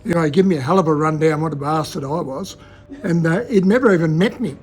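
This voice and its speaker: A man's voice: a little high, fast, faint music behind. An older man with an Australian accent, telling cheeky local anecdotes in a laconic, chuckling way. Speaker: local storyteller. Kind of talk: casual yarn-telling.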